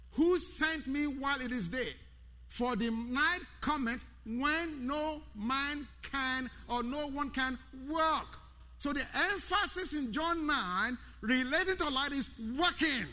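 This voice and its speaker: High-voiced emphatic male preacher. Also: bright, forceful tone. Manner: emphatic, repeats key words and chants rhythmically; calls out to the congregation by name. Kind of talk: sermon. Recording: long hall reverb.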